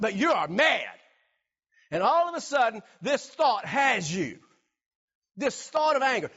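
A man preaching a sermon, animated, acting out everyday scenes and repeating words for emphasis. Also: very high-pitched, dull audio. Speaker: pastor.

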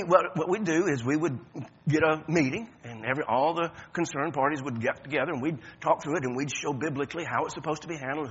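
Male pastor preaching, fairly high and sharp voice, stammers through restarts, faint room noise behind. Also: lo-fi sound. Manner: conversational preaching, with stammered restarts and sudden emphatic rises. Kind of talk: sermon.

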